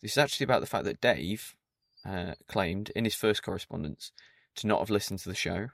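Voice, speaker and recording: A man's voice: low voice, a little fast, gravelly, dry recording. A man hosting a solo podcast, talking in a dry, mock-stern and pedantic way. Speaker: podcast host.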